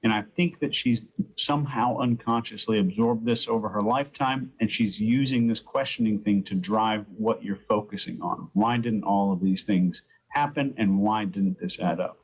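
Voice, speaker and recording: A man offers calm, thoughtful analysis on a panel. His voice is low and husky. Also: normal speed, rough recording. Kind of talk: analytical commentary.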